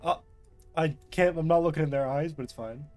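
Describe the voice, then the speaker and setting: A young man casually commenting as he plays a game live, chatty and self-mocking, reacting out loud. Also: fairly high pitch, a little fast, no room sound, faint music behind. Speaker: streamer.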